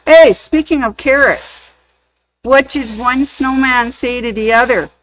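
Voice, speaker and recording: High-voiced gushing woman host. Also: measured pace, low-quality recording. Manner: gushing, enthusiastic, tells corny jokes. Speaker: sewing shop live show host. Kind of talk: casual live show chat.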